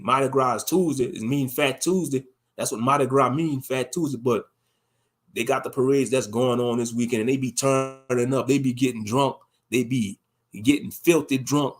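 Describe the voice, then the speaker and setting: A man giving impassioned, scolding religious commentary, mocking the people he criticizes. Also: medium pitch. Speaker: online commentator.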